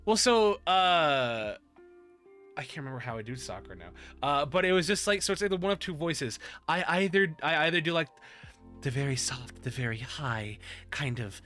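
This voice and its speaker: A man's voice: on the high side, lively intonation, normal speed, a bit bright, soft background music. A man hosting a casual podcast chat, rambling and restarting his sentences as he goes. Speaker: podcast host.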